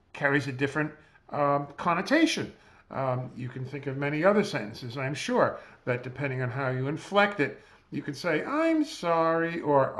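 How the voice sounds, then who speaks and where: A man, a physician, giving a measured, explanatory lecture over slides while seated at a close mic. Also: medium pitch, a bit bright. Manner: measured, explanatory, spells out terms.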